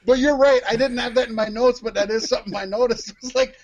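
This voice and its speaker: A man's voice: very high voice, quick pace, lo-fi sound. A man co-hosting a podcast, chatting casually and animatedly, laughing as he talks. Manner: animated, laughs while talking. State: coughing. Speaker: podcast co-host. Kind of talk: casual chat.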